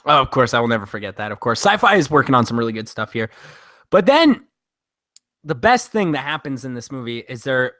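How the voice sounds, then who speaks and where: A man co-hosts a casual movie review podcast, animated and swearing freely as he acts out scenes from the films in different voices. His voice is medium-pitched and a little fast, recorded in a clean studio with no echo.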